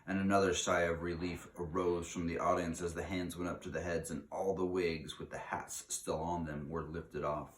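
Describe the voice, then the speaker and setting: A man reading a children's book aloud in an expressive way, slowing down for dramatic emphasis. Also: sits low. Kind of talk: read-aloud storytelling. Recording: echoey room.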